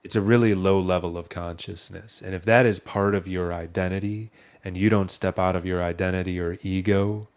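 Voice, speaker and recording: A man's voice: sits low, steady tone, a little fast, hardly any pauses, a little mellow. A man giving emphatic, opinionated views in a casual chat.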